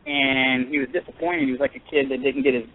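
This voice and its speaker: A man calling in to a radio show, telling a personal story in an earnest, halting way with many pauses and restarts. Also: mid-range voice, flat delivery. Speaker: caller. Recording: tinny phone line.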